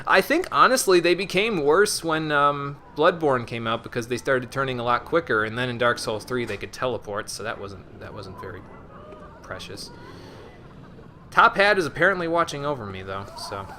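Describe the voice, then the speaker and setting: A man's voice: mid-range voice, lively intonation, moderate pace, bright, forceful tone, a little hiss or hum. A man casually commenting on his own play during a live game stream, muttering and chatting with viewers. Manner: chatty, mutters to himself, reads chat aloud.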